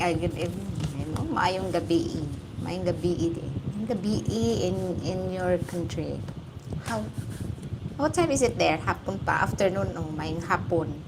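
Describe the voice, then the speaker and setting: A woman with a Filipino accent hosting a casual livestream chat, greeting viewers by name and laughing often. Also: medium pitch. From Philippines. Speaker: livestream host. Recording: steady background noise.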